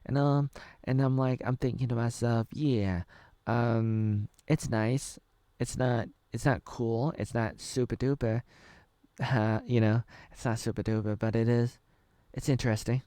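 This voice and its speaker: A man in his thirties from Oregon, USA, a video creator reacting casually to a trailer, rambles and thinks aloud with many fillers and restarts. His mid-range voice is steady, a little slow and dark in tone, with no echo.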